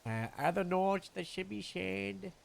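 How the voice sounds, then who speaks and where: A man playing a police captain in casual role-play chat, halting and full of fillers and restarts. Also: sits high, lively intonation, gravelly, a little hiss or hum.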